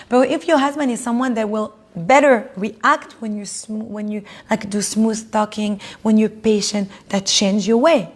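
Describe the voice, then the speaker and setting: Mulher animada ensinando uma turma, com sotaque israelense, voz aguda. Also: female voice. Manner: animated, acts out quoted spouses in higher voices, laughs often. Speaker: Torah class teacher. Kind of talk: lively class talk to a live audience.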